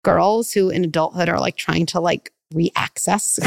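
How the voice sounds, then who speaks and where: A middle-aged woman psychologist giving parenting advice in a podcast interview, animated and full of "like", acting out parent and child lines. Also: on the low side, a little slow, gravelly, no room sound, studio quality. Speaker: clinical psychologist guest.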